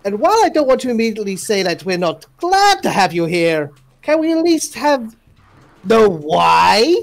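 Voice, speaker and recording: A man's voice: sits high, big pitch swings, normal speed, gravelly. A man playing a tabletop game who speaks in character with wary, polite questions. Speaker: player. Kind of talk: in-character tabletop role-play.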